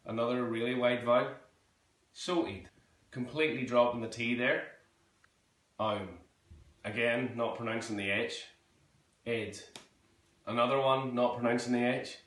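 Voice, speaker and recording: A young man teaching an online drama lesson, relaxed and full of ums as he demonstrates sounds. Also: mid-range voice, brisk, hardly any pauses. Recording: echoey room, mic at a distance.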